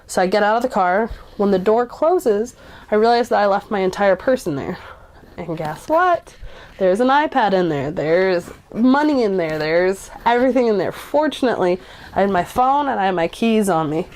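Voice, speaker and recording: A woman's voice: medium pitch, expressive, moderate pace, darkish tone. A woman in her twenties, in recovery, telling a personal story in a casual, chatty way with lots of "like" and blunt swearing. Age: 20s.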